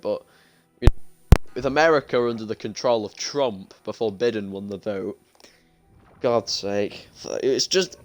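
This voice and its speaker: A young British man in his late teens, chatting and ranting casually while streaming a game, often restarting his sentences. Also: lowish voice. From United Kingdom. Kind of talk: casual gaming stream chat. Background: faint game gunfire.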